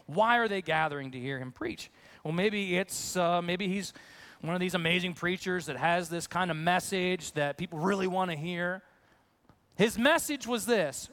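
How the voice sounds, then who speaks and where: Male pastor with a high voice, chatty and animated in his sermon delivery. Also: normal speed. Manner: conversational, animated, acts out questions.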